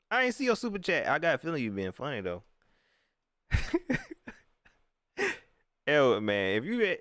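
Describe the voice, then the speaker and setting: A man with a Southern US accent hosting a casual live-stream chat, animated and quick to laugh, his voice climbing high when he gets riled. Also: smooth, no room sound, clean studio sound. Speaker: host.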